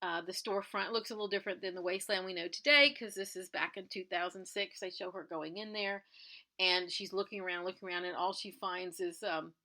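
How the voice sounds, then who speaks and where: A woman's voice: fairly low pitch, steady tone, fairly quick, bright, forceful tone. A woman who resells clothing, chatting through a TV episode recap and acting out the characters' lines as she retells them.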